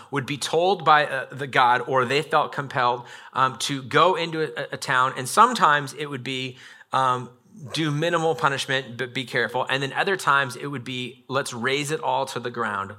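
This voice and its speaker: A man's voice: mid-range voice, bright, forceful tone. A man giving a conversational sermon as pastor, reading scripture aloud and acting out the people in the story. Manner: conversational preaching, acts out Bible figures and a parent; reads scripture aloud with emphasis.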